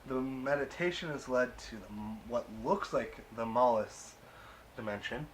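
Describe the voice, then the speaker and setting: A man talks through a TV episode recap in an easygoing, amused way, filling gaps with uh and um. His voice sits in an ordinary middle pitch. A faint hiss runs under the recording. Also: a little slow. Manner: chatty, amused, peppered with uh and um. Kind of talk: casual recap and review.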